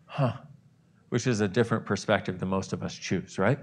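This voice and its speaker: A man leading a guided visualization, acting out loud gasps and exclamations between softer stretches. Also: on the low side, normal speed, breathy edge. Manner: animated, acts out exclamations and gasps, swings from soft to loud.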